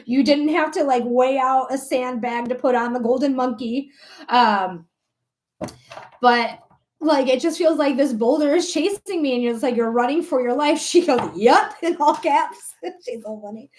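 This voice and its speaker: A woman in her thirties giving a live tarot reading in a chatty, animated way, laughing often and swearing casually. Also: sits high, slow pace, pauses often. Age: 30s. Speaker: tarot reader.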